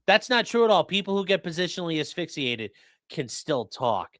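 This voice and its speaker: A male attorney hosting a live crime stream, riffing on court footage with swearing, jokes and quick put-on voices. His pitch leaps around and his tone is bright and forceful. He is close on the mic in a dry, dead-sounding room. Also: no room sound. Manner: animated, profane, joking, does voices.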